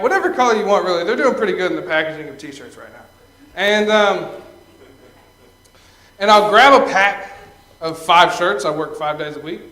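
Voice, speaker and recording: High-voiced young man doing stand-up. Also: fairly bright tone. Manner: storytelling with frequent "okay?" tags and laughing at own jokes. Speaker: stand-up comedian. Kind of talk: stand-up comedy set. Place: stage at a live venue. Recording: echoey live room.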